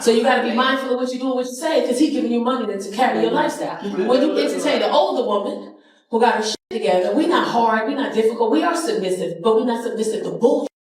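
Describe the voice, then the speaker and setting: A woman's voice: on the high side, fast. A woman in her forties doing a stand-up set, brash and profane as she tells stories. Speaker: stand-up comedian. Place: comedy club stage. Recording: echoey room, distant mic, audience. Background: audience laughter.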